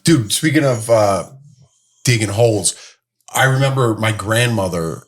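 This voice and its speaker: A man in his thirties co-hosting a casual podcast chat, telling a story and acting out the quoted lines. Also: unhurried. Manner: animated storyteller, acts out quotes in a higher voice. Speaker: podcast co-host.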